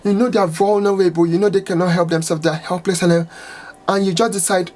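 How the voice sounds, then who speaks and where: A woman salon owner giving an impassioned, angry rant to camera, exasperated and swearing, with outbursts that climb in pitch. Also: steady tone, fast talker, darkish tone. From United States.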